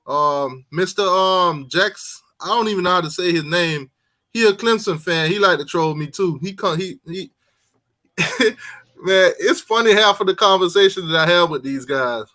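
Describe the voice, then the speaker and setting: A man's voice: sits high, normal speed, bright, forceful tone. A man hosting a casual sports live stream, reading out donations and chatting in a laid-back way, laughing easily.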